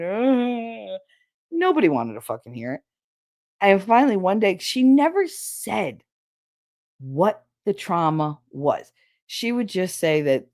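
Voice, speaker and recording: A woman hosting a podcast, telling a story in a blunt, profane, animated way from her home office. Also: sits low. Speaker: podcast host. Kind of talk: casual storytelling.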